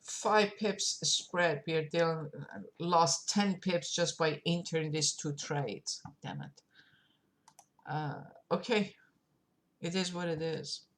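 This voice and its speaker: A woman streaming her forex trades, thinking aloud as she clicks through charts, with many pauses and fillers. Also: sits low, steady tone. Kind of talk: live screen-share trading commentary.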